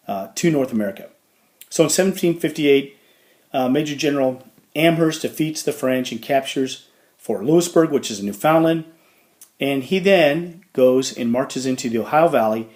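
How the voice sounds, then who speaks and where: A man's voice: mid-range voice, darkish tone. A man teaching a history lesson over slides, talking casually with fillers and jokey asides.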